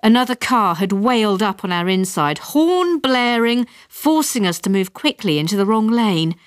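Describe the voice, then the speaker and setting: Brief: woman narrator, lively expressive delivery, wry comic storytelling, dry close-miked sound. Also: medium pitch, normal speed, no room sound.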